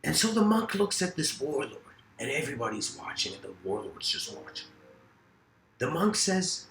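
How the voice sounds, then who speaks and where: A man's voice: fairly high pitch, big pitch swings, moderate pace. Male lecturer, loose and rambling, fillers galore; roomy room with faint hum. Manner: loose, rambling, many fillers, laughs at own story. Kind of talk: casual philosophical lecture with storytelling.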